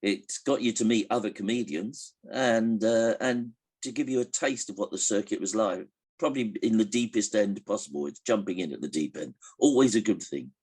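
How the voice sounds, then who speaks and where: An older man answers interview questions in a relaxed, anecdotal way, recalling a comedian and chuckling as he tells the jokes. He's hesitant and restarts often. His voice is lowish, husky, and a little mellow, at a normal speed.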